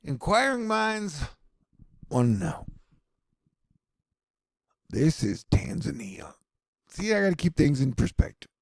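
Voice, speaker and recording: A man's voice: medium pitch, big pitch swings, a little slow, creaky, pauses often, warm tone, husky, dry recording. A man giving casual, rambling news commentary with sardonic, self-mocking asides.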